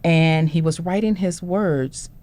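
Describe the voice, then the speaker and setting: This panelist from Houston, Texas takes her time, her voice on the low side, as she relates something that happened to her as a parent. She brings the tale to life by acting out what everyone said.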